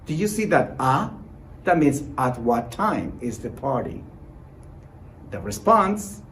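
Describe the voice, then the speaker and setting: Lively, encouraging male Spanish teacher. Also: on the high side, slight background noise, low-quality recording. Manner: encouraging, repeats short praise and reassurance; models example sentences slowly and clearly. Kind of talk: recorded online language lesson.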